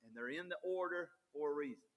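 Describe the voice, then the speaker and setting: A man's voice: on the high side, fast talker, muffled recording. A man, preaching a folksy, conversational sermon with frequent restarts. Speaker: pastor.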